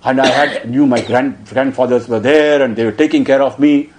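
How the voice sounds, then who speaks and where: A man's voice: medium pitch, animated, normal speed, darkish tone, a little hiss or hum, lightly acted. A man voicing a young prince who pleads in tears, desperate and sobbing. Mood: anguished.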